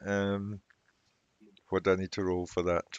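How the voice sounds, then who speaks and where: Man, tabletop player, low voice, slow, dry dull lo-fi sound. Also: flat delivery, clear, resonant tone, no echo. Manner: slow, laughing, easygoing. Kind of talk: casual tabletop play.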